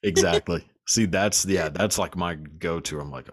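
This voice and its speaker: A man's voice: low voice, measured pace. A man hosting a podcast in casual chat, laughing often, swearing and rambling with many fillers. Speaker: podcast host.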